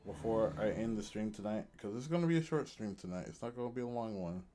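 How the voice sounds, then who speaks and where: A man's voice: fairly low pitch, animated, fast talker, dark tone. A tired man streaming a video game, chatting casually and correcting himself as he goes. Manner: rambling, self-correcting. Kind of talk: casual let's-play commentary.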